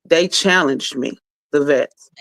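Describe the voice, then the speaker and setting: A woman's voice: deep voice, takes it slowly, fairly bright tone, dry recording. A woman comedian talking as a podcast guest, blunt and profane, telling stories in casual slang.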